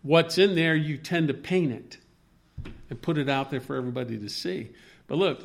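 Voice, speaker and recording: A man leading an informal Bible discussion, rambling and halting with many restarts as he quotes scripture. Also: on the high side, gravelly.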